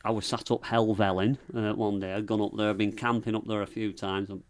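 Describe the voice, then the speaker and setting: A man's voice: lowish voice, flat delivery, a little fast. Rambling northern English man from Lancashire. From England. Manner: rambling, dry storyteller with northern dialect. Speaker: podcast guest. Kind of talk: casual chat.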